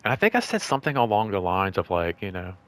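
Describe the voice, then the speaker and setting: Low-voiced man rambling through a story. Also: very animated, fast talker, fairly bright tone, no echo. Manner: rambling, full of "like" and "you know"; acts out quoted speech in raised voice. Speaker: show host. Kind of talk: casual storytelling vlog.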